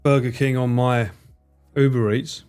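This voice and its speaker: A man streaming games in casual commentary, excitable, swearing freely and laughing often. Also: mid-range voice, a little slow, clean tone, faint music behind.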